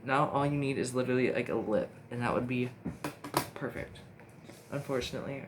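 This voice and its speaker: Young man, makeup vlogger, chatty, rambling, excitable, mid-pitched voice, phone recording, noticeable background hiss. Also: a little fast. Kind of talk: casual makeup tutorial chat. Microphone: phone camera. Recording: steady background noise hiss.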